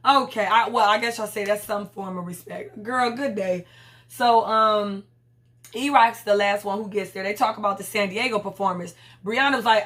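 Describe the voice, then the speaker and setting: A woman's voice: mid-range voice, fairly quick, a bit bright. A woman casually recapping a TV episode, acting out the characters' lines with sass, slangy asides and lots of fillers. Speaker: TV recap vlogger.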